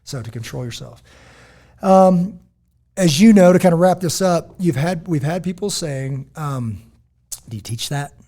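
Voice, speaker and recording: An American man co-hosting a podcast, chatting casually and telling stories, acting out quotes in lively voices. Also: fairly high pitch, measured pace. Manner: animated storytelling, quotes others in lively voices. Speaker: podcast co-host. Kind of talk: casual chat.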